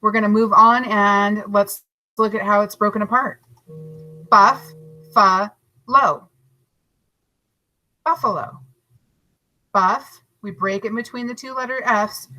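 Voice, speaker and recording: A woman teaching a third grade class in a recorded lesson, patient and encouraging, stretching words out slowly to split their syllables. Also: medium pitch, little pitch movement, bright, forceful tone, rough recording. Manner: slow, overarticulated syllables and spelling.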